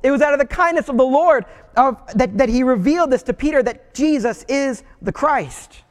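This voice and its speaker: Speaking at a normal pace, a pastor with a distinctly high voice preaches through stories in a laid-back, conversational manner. His words echo with the long reverb of a big hall.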